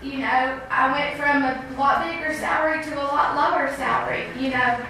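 A woman giving an earnest, insistent public comment at a school board meeting, often pausing to ask "okay?". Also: high-pitched, steady tone, recorded from a distance, noisy background. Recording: very echoey room heard from afar.

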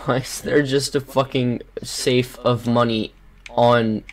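Speaking into a desktop USB mic, a young adult host offers sarcastic, casual commentary on a game, swearing and grumbling readily. The voice is mid-range and fairly even in intonation.

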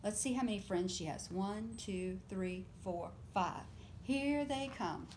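Woman, children's story time reader, slow unhurried reading, animated, interactive with kids. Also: medium pitch, a little hiss or hum. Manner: animated, asks children questions and invites them to join in. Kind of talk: reading picture books aloud to young children.

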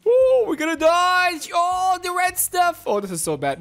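A woman with a high, bouncy voice narrates a video game playthrough. She gasps and squeals her way through it, with faint game music under her. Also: a little slow. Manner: excitable, gasping, squealing reactions. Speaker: gaming video host. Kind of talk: playful game commentary.

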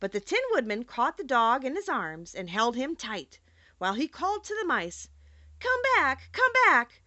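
A woman reading a classic children's story aloud as an audiobook narrator, expressive and measured. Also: fairly high pitch, no echo.

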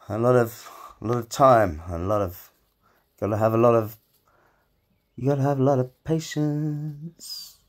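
A man's voice: medium pitch, normal speed, long pauses. A man, a self-employed gardener chatting casually on his vlog, rambling, joking and swearing as he goes.

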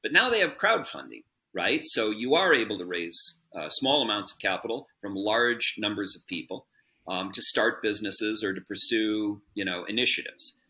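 A man with a slightly low, forceful voice answering interview questions in an earnest, conversational way. He explains his points patiently and often checks in with a quick "right?" His speech is loose and unscripted, with plenty of ums and uhs. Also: expressive. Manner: earnest, explanatory, with frequent fillers and tag "right?". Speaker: podcast guest, business chairman.

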